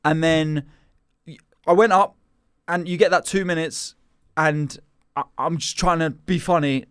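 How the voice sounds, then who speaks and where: A man's voice: on the high side, measured pace, clear, resonant tone, dry recording, clean studio sound. A man telling a comedy-gig anecdote in casual chat, acting out the voices in it. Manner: animated anecdote-telling with acted-out quotes. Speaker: comedian guest.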